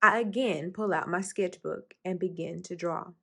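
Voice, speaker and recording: A woman's voice: fairly low pitch, normal speed, creaky, fairly bright tone. A woman reading a children's picture book aloud for storytime, raising her voice expressively for the characters' lines. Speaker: storytime reader.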